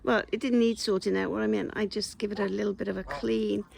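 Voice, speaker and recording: A smallholder vlogger chats casually with her geese and the camera while working outdoors in a garden, filmed on a phone, as the geese honk in the background. Her voice is gravelly, a little mellow and slightly rough, with a steady tone and a quick pace. She's chatty and teases the geese in a high singsong.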